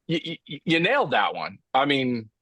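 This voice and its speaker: Enthusiastic male host, animated bright voice, casual chat, dry close sound. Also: medium pitch, normal speed, no echo. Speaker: podcast host.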